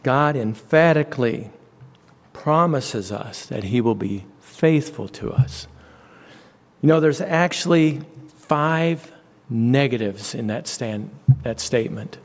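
A male preacher delivering a sermon at an unhurried, deliberate pace. He drives his points home by repeating phrases, and his voice sits at an ordinary middle pitch. A long reverb trails after each line. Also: expressive. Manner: slow, emphatic repetition.

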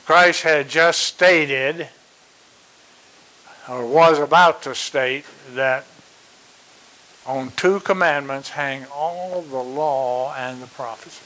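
A man delivers a sermon at an unhurried, measured pace, in a voice a little higher than most men's. He repeats key phrases for emphasis and fills his pauses with small hesitations. A faint steady hiss runs under the recording. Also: poor audio. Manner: slow and deliberate, with repeated emphasis and fillers. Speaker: preacher.

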